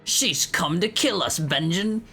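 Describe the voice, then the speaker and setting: A man putting on a gruff British bug villager. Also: high voice, animated, unhurried, bright, forceful tone, voice pushed up, exaggerated voice. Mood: gruff grumbling. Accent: put-on British. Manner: rough dialect, dropped words. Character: grubby male bug villager, gruff and scheming. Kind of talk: game voiceover on stream.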